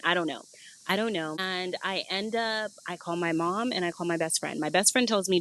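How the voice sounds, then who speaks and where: Animated young woman telling a story. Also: fairly low pitch, moderate pace. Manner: animated, swears freely, acts out quotes in other voices. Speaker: guest. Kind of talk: casual storytelling chat.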